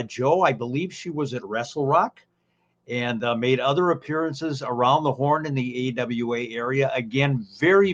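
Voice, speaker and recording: A man swapping old stories on a podcast, taking his time and padding his lines with fillers and folksy asides. His voice sits at a middling pitch. The audio comes through a little dull and lo-fi. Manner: unhurried storyteller with many fillers and folksy asides. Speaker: podcast co-host, former ring announcer. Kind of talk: casual podcast chat.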